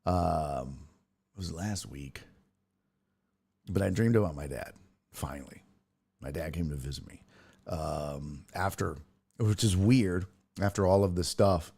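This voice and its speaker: A man's voice: sits low, unhurried, gravelly, pauses often, warm tone, slightly rough. A man hosting a sports talk stream, chatting casually in a rambling, profane way and laughing through his stories. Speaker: sports podcast host. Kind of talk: casual livestream chat.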